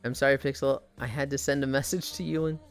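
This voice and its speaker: A woman streamer chatting casually while walking on a treadmill, telling animated, profane stories and sounding tired. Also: a bass voice, fast talker, faint music behind.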